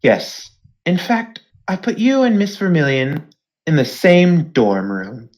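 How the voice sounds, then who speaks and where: A woman's voice: low-pitched, big pitch swings, slow pace, a little mellow, exaggerated voice. A woman voicing a cheerful, formal non-human school headmaster. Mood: pleased.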